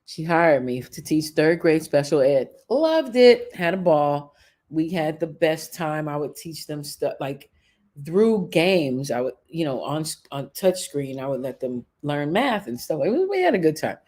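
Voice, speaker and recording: A woman's voice: deep voice, measured pace. A woman in her thirties hosting a show, talking bluntly and with profanity in casual storytelling. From California. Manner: blunt, profane, animated storytelling with acted quotes. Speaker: show host. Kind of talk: casual opinion talk.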